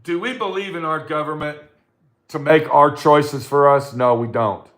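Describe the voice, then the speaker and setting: A middle-aged man rants straight to his audience in a casual vlog, swearing freely and stumbling through fillers as he goes. His voice sits a little higher than most men's. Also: fairly bright tone. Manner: profane, blunt and ranting; halting, with many fillers. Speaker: vlogger. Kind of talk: casual ranting monologue.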